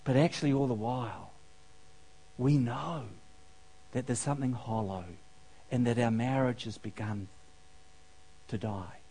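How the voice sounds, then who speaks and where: A man's voice: mid-range voice, a little slow, long pauses, mellow, husky. A man preaching a sermon, telling a funny parable and asking the congregation questions. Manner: storytelling, asks the audience questions, laughs at own jokes.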